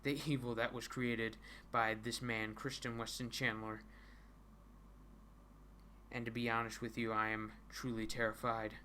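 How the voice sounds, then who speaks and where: A man's voice: medium pitch, bright, forceful tone, slight background noise. A man live-streaming himself reading a comic, talking casually with stammering repetitions, frequent giggles and mock-dramatic dread.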